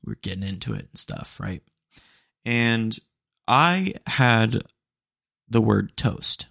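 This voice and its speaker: A young man hosting a solo podcast, telling stories in a rambling, animated way with lots of fillers. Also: fairly low pitch, takes it slowly, gravelly, dry recording, clean studio sound. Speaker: podcast host. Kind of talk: casual solo podcast monologue.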